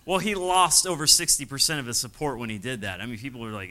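A man's voice: mid-range voice, very animated, fast, bright, forceful tone, poor audio. A man, a missionary pastor, telling his story from the pulpit, chuckling often and acting out the voices of people he quotes. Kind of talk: testimony from the pulpit.

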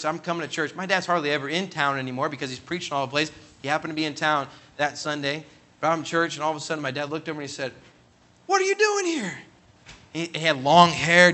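A man preaching, telling a long personal story earnestly and with emphasis, and quoting others as he goes. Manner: earnest, emphatic, builds to loud high peaks when quoting others. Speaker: pastor. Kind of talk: sermon storytelling.

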